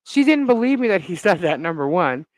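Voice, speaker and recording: A woman live-streaming as a vlogger, telling a gossip story in an animated, indignant way with lots of fillers. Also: fairly low pitch, fairly quick, dry recording, rough recording.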